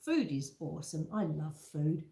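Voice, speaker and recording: An Australian woman with a deep, mellow voice and some vocal fry hosts a home baking livestream from her kitchen, speaking expressively at normal speed. She chats casually and reads out viewers' comments as she bakes, calling people love and sweetheart. The sound is reverberant.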